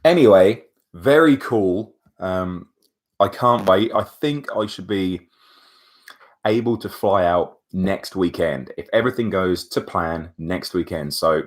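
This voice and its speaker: A young man, chatting to camera as a vlogger, retelling events in a chatty, animated way full of asides. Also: sits low, unhurried. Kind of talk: casual storytelling to camera.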